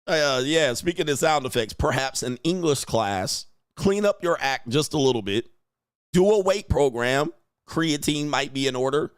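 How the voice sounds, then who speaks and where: A man's voice: fairly high pitch, lively intonation, normal speed, clean tone, no room sound, clean studio sound. A man hosting a reaction commentary show, mocking and lecturing the people in the clips he plays, often laughing. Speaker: commentary channel host.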